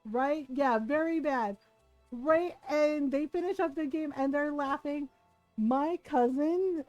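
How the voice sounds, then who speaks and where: Woman streamer spinning a story, high voice, dry close sound, keeps saying right?. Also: a little slow, no room sound, soft background music. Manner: lively storyteller who keeps asking "right?". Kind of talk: casual storytelling chat.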